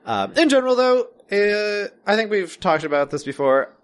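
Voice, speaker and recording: A man talking casually as a podcast co-host. He hesitates often, restarts his sentences and leans on fillers. His humor is dry and deadpan, and his pitch rises and falls a lot. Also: moderate pace, smooth. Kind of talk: casual chat.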